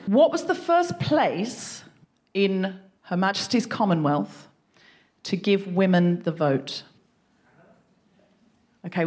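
A woman with an Australian accent hosting a live comedy quiz, playful and chatty, quick with asides. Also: medium pitch. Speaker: comedy podcast host. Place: live venue stage.

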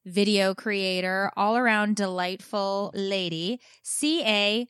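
A woman's voice: mid-range voice, a bit bright, clear, resonant tone, no echo, clean studio sound. Chatty woman podcast host. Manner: chatty, quick laughs, playful. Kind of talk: casual chat.

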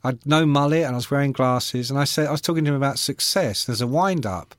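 A man's voice: medium pitch, quick pace, no room sound. A middle-aged man, a music journalist, telling rock anecdotes with swearing in a casual podcast chat. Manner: swearing, animated anecdote teller.

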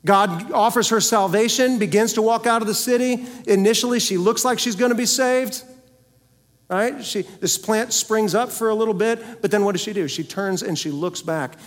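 A male pastor preaching a sermon emphatically, asking the congregation rhetorical questions and swinging between loud and soft. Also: sits high, normal speed. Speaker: senior pastor. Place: church sanctuary. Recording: long church hall reverb.

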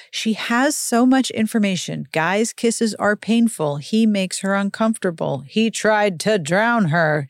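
A woman hosting a casual book-recap show, talking in a wry, exasperated way with sudden jumps in pitch. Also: dry recording, studio quality. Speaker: podcast host recapping a book.

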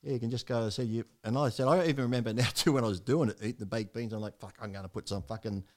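A man's voice: mid-range voice, very fast, a little mellow. A man, a podcast guest telling his story in a blunt, rambling way with heavy swearing.

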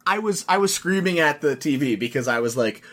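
An excitable, rambling man on a podcast. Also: fairly high pitch, brisk. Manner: excitable, rambling, filler-heavy. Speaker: podcast co-host. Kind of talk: casual film discussion.

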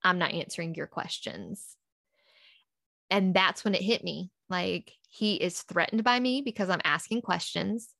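A woman's voice: fairly low pitch, measured pace, creaky, fairly bright tone, no room sound, clean studio sound. A woman, a podcast guest, earnestly recounting a personal story and acting out past conversations in quotes.

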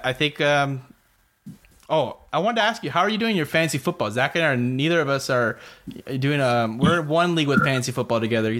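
Laid-back man hosting a sports podcast. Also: mid-range voice. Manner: relaxed, laughs often, many fillers. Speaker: podcast host. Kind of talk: casual sports betting chat.

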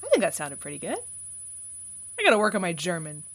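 A woman's voice: lowish voice, huge pitch swings, fast talker, fairly bright tone, no echo, clean studio sound. Chatty West Coast Canadian woman host. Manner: bubbly, chatty, self-deprecating. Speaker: podcast host. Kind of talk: podcast intro and appeal.

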